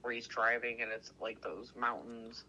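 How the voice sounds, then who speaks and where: A man telling a story in casual chat, excitable and rambling, swearing constantly and stuffing every sentence with "like". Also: medium pitch, normal speed, highs cut off, slight background noise. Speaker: podcast co-host.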